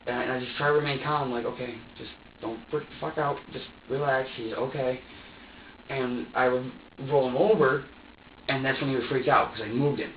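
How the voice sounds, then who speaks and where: A man's voice: medium pitch, steady tone, normal speed, a little hiss or hum. Man, rambling and profane, stammers and restarts, interrogation room, far from the mic, muffled and echoey. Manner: rambling and profane, full of restarts, acts out his own thoughts. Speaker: suspect being questioned. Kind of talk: police interrogation, rambling account. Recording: distant, echoey, dull room recording.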